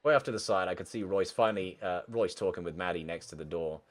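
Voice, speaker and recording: A young man streaming a game reads a visual novel aloud, reacting casually and swearing often. His voice is low-pitched and fast, with faint game music underneath.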